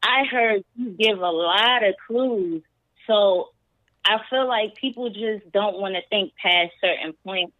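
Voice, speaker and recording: A woman's voice: medium pitch, a little slow, no room sound, phone-quality sound. A woman calling in to a podcast, giving her opinion emphatically in casual chat. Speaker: caller. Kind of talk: casual chat on a call-in show.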